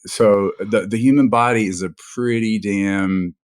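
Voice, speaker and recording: A man's voice: on the low side, steady tone, unhurried. A middle-aged man, a doctor guest on a podcast, explaining things in a reassuring, hesitant way with many fillers. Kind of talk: casual podcast interview.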